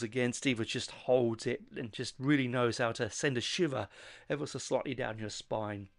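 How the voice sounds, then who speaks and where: Halting, earnest male podcast host. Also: medium pitch, dry recording. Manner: halting, restarts phrases, searches for words; earnest and enthusiastic. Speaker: podcast host reviewing an album. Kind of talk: casual album review.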